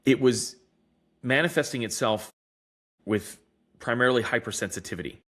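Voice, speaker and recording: A man's voice: medium pitch, moderate pace. A man on a podcast casually telling patient stories, acting out what doctors said to him. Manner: animated storyteller acting out quoted doctors. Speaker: guest, device innovator. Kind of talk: casual storytelling in a podcast interview.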